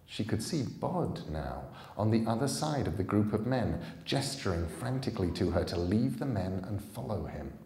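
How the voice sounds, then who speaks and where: A man reading a novel aloud in a calm, deliberate storytelling manner. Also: fairly low pitch, reverberant. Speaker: storybook reader.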